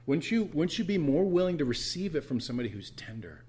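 A man's voice: fairly high pitch, big pitch swings, fast, dark tone, breathy edge. A man preaching an earnest, tender sermon in a church as the pastor.

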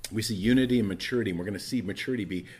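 A pastor's sermon comes in rapid-fire bursts from a fairly low, breathy-edged male voice. He's earnest and conversational, stumbling on restarts and alternating loud emphasis with quiet asides.

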